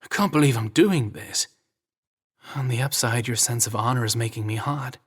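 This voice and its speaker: A man's voice: medium pitch, normal speed, husky, natural voice. A man voicing a playful, fearless young woman photographer in a romance audiobook. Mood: teasing. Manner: playful, teasing. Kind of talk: audiobook character voice.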